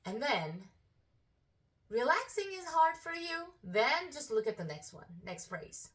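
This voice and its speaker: A female vocal coach giving a singing lesson, explaining slowly in casual speech and breaking into sung phrases to demonstrate. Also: high voice, very animated, fairly bright tone, distant mic. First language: Korean.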